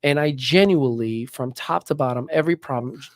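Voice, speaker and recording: A man from Morocco tells stories in a lively podcast chat, at a middle pitch. He keeps things animated and often acts out other people's voices. The sound is close and dry. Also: brisk, dry recording. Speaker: guest. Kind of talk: casual storytelling.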